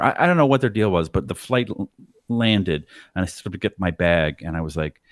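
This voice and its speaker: A man's voice: on the low side, moderate pace, no echo, clean studio sound. A man in casual podcast chat, telling a story and mimicking the people in it. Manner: animated, does voices of people in his stories.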